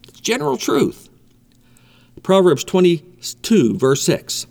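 Man preaching, fairly high voice, emphatic, repeats points. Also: big pitch swings, takes it slowly, creaky, long pauses, a little mellow. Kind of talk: sermon.

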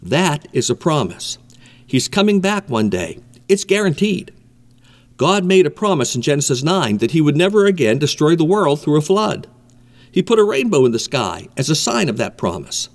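A man delivers a sermon in an emphatic manner, stressing and repeating his key points. His voice sits somewhat high for a man. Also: big pitch swings, normal speed. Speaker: preacher.

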